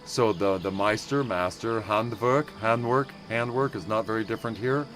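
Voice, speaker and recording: A man's voice: on the low side, normal speed, a bit bright, slight background noise. A man hosting a casual game livestream, rambling and self-interrupting with many fillers while playfully mangling German words. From United States. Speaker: livestream host.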